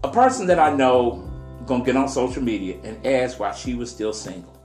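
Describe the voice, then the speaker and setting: A man's voice: mid-range voice, very animated, darkish tone, reverberant, soft background music. A man co-hosting a podcast who vents in a heated, emphatic way, cursing and stretching out his words for stress. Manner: heated, cussing, drawn-out emphatic delivery. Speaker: podcast co-host. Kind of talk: casual podcast chat, ranting.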